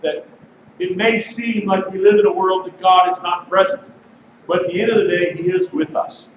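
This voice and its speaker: Male pastor, high voice, conversational sermon, heard from a distance in a noisy, muffled recording. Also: steady tone, moderate pace. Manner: conversational preaching, reads passages aloud. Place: congregation sanctuary. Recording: distant mic, echoey sanctuary, dull and noisy.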